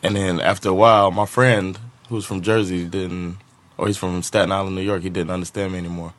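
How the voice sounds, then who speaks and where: A man whose first language is Swedish, co-hosting a casual podcast in English with relaxed, teasing storytelling. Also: deep voice, fairly quick, no echo. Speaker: podcast host. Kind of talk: casual chat.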